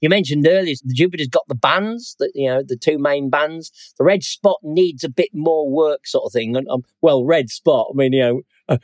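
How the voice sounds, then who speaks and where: A man's voice: a little high, moderate pace, hardly any pauses, no echo. A middle-aged man chatting about the night sky as a podcast co-host, rambling and tossing in "sort of thing". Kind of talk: casual chat.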